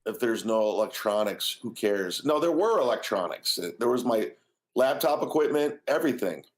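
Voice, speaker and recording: A man's voice: medium pitch, lively intonation, moderate pace. A man in a played clip, complaining in an exasperated way about a lost bag.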